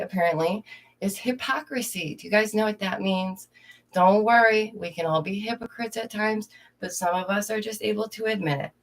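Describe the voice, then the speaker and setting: A young woman, a streamer and art teacher, chatting casually to her viewers, laughing often and greeting them directly. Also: medium pitch. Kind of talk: casual livestream chat. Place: indoors at home.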